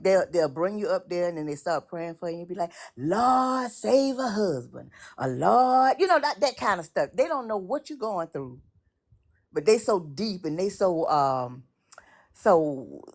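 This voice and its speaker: A woman in casual conversation, rambling with repeated words and fillers. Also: low voice. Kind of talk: casual conversation about church experiences.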